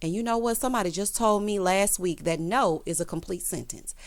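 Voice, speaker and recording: A woman's voice: medium pitch, fairly quick. A woman giving casual, sassy recap commentary on a reality TV episode, calling viewers honey and y'all. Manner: sassy, animated, quotes others in voices.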